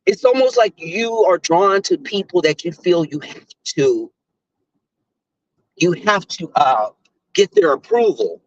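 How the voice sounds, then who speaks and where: A man hosting a casual commentary chat, telling stories in a profane, animated way. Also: high-pitched, unhurried, dry recording, lo-fi sound.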